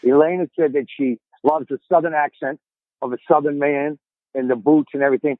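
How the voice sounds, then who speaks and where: A man's voice: fairly high pitch, fairly even intonation, brisk, no echo, narrow, tinny audio. A man in his fifties with a Boston accent, a podcast guest telling stories in a casual, rambling way and often repeating his words as he starts a sentence. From Boston area, USA. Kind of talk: casual storytelling chat.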